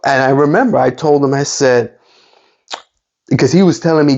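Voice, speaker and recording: A man casually retelling a personal story, animated and full of fillers and restarts. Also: mid-range voice, normal speed, creaky, dull audio. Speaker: sports card collector and channel host.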